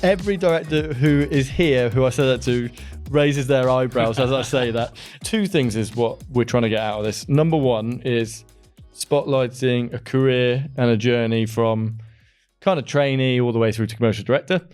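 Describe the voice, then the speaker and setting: A man's voice: mid-range voice, moderate pace, a little mellow, faint music behind. A man from the Midlands hosting an interview podcast, chatty and enthusiastic, often laughing. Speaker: podcast host. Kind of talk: casual interview chat.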